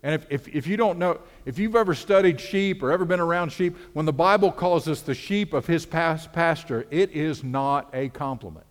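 Earnest preacher in a reverberant church. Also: male voice, on the high side, normal speed, few pauses. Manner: earnest, conversational preaching with repeated words. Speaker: pastor. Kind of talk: sermon. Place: church sanctuary. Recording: long hall reverb.

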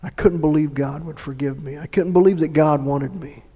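A middle-aged man preaching a sermon and telling his own conversion story, earnest and moving between hushed recollection and emphatic appeals. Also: fairly high pitch, fairly even intonation, moderate pace, breathy edge. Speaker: pastor. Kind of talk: sermon with personal testimony. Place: church sanctuary. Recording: echoey hall reverb.

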